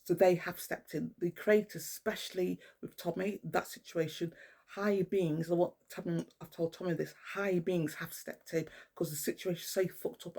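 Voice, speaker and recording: A woman's voice: on the low side, gravelly, a little mellow. A middle-aged woman, speaking at home in a rambling, casual spiritual monologue, swearing often and restarting her sentences. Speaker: spiritual vlogger. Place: at home indoors with a cat.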